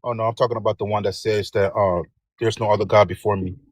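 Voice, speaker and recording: A man's voice: lowish voice, steady tone, fast talker, dry recording. A man calling into a live stream debate, rambling and repeating phrases as he insists on scripture. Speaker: caller. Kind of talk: call-in debate.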